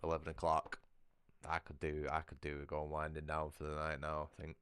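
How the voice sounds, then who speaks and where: A man's voice: very deep voice, monotone, brisk, a bit bright, clear, resonant tone, no echo. A British man chatting casually on a livestream, ranting with heavy swearing. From United Kingdom. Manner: profane, ranting.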